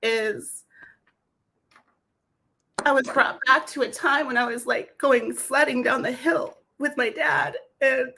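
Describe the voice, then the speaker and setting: Animated woman telling her story. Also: sits high, vocal fry, slight background noise. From Alaska. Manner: animated, quick, acts out voices in her story. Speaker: podcast guest. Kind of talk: storytelling testimony.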